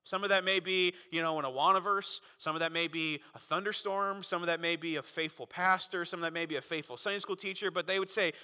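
A man preaching a sermon as pastor, animated and full of rhetorical questions. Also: high-pitched, quick pace, few pauses, clean tone. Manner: animated, frequent rhetorical "right?" asides. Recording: long reverb of a large hall.

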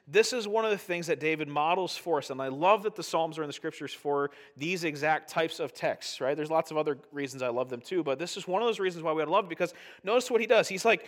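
A middle-aged male pastor giving a conversational sermon, animated and often checking in with "right?". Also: fairly high pitch, fast, few pauses.

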